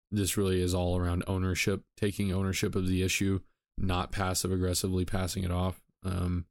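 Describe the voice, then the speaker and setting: A man's voice: low-pitched, gravelly, a little mellow, no echo, clean studio sound. A man hosting a solo podcast, talking casually with frequent ums and self-corrections. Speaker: podcast host.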